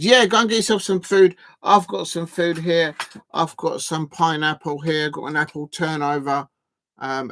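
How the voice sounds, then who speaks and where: A man's voice: fairly high pitch, a bit bright. A man, chatting casually on a live football watch-along stream, rambling and drawing out words as he types.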